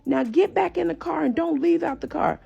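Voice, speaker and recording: A woman's voice: lowish voice, moderate pace, creaky, a little mellow, slightly rough, dull audio. Woman quoting a harsh, scolding father. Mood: angry. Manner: scolding, threatening. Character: harsh controlling father, adult man.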